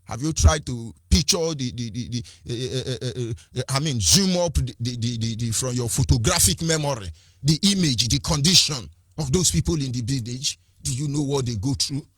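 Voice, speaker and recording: A man's voice: mid-range voice, animated, normal speed, slightly rough, no echo, clean studio sound. A Nigerian man with a Nigerian accent giving an impassioned political address, firing rhetorical questions, repeating phrases and switching between languages. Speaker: activist speaker.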